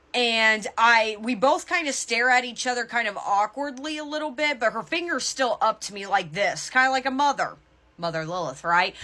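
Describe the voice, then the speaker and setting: A woman's voice: fairly high pitch, sharp tone. A young adult woman tarot reader talking to the camera in a chatty spiritual vlog, often checking in with "okay?". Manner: chatty, repeats "okay?" to the viewer.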